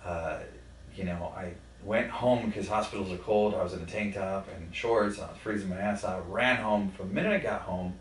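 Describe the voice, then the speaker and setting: A man telling a personal story in a podcast conversation, blunt and profane, halting with many fillers. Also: low-pitched, slight background noise. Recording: roomy sound from a distant mic.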